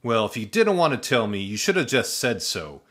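A man's voice: on the low side, sing-song, normal speed, fairly bright tone. A man doing grumpy, muddled Drew. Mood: grumbling.

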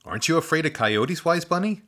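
A man voicing an excitable, chatty young boy who talks in high, eager bursts. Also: a little fast. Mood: excited. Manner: high, eager, breathless outbursts.

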